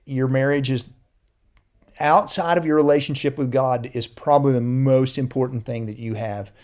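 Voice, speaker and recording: A middle-aged man with a drawl co-hosts a marriage podcast. His voice sits at an ordinary, mid-level pitch. He talks in an earnest, encouraging way, often restarting and repeating words. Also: steady tone, normal speed, a little mellow. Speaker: podcast co-host. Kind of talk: casual faith-based marriage advice.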